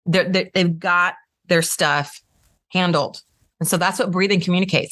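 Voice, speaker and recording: A woman's voice: fairly low pitch, fairly even intonation, moderate pace, fairly bright tone, no echo. A woman coaching trial lawyers, talking with energy and acting out different voice tones as she teaches. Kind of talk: instructional talk to trial lawyers.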